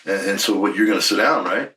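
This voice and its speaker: A man's voice: lowish voice, fast talker, pushed and bright, far from the mic, slight background noise, rough recording. A man in his sixties, a former wrestler, telling blunt, profane stories in an emphatic shoot interview. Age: 60s.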